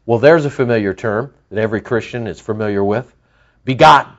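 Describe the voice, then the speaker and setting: A man preaching a sermon as pastor, animated, with lively emphasis and asides to his listeners. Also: fairly low pitch, a little fast, dull audio.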